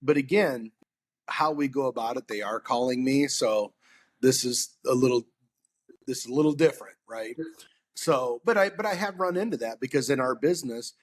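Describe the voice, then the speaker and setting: Husky man telling sales stories. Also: medium pitch, normal speed. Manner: animated storyteller acting out customer dialogue. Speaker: sales podcast guest. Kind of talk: casual sales talk.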